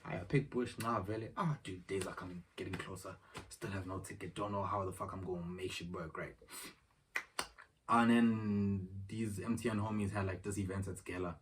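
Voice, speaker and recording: Young man, very low voice, slangy rambling vlog story, phone mic set back from him, faint background noise. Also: steady tone, normal speed, recorded from a distance. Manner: rambling, slangy, retells exchanges in dialogue. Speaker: vlogger. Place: room at home. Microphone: phone camera.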